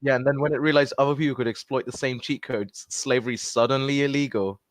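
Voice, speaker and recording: A man's voice: medium pitch, fairly even intonation, fast talker, no echo. A man in a casual group voice chat adding wry comments.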